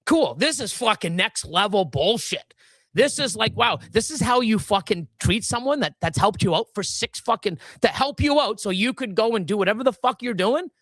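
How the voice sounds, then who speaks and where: A woman's voice: medium pitch, lively intonation, moderate pace, dry recording. Brief: woman host, angry profane rant, restarts often, dry close mic. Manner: furious, profane, many restarts. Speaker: livestream host. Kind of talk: angry live-stream rant.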